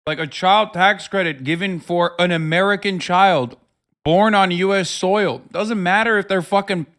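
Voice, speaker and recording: Young male streamer, exasperated and swearing, sharp bright voice. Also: high-pitched, normal speed. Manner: incredulous, exasperated, swears a lot. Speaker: streamer reacting to a speech. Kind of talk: casual profane live commentary.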